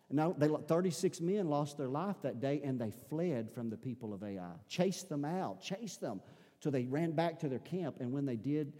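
A man preaches a sermon, telling the story with dramatic swings between loud, emphatic lines and quiet, low passages. His voice is mellow and darker in tone. It rings with the long reverb of a large sanctuary. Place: church sanctuary.

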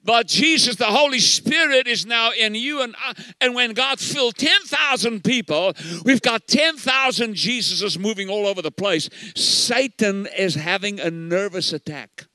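Bright, high-voiced older male preacher. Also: expressive, a little slow, dry recording. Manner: emphatic preaching, repeats words for stress. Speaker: pastor. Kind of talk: sermon.

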